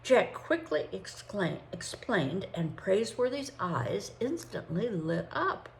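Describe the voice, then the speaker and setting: An older woman reads a children's novel aloud, her voice rising and falling with lively expression. A gravelly texture runs under her mid-pitched tone. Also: takes it slowly, a little hiss or hum. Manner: expressive, animated reading. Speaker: storybook reader.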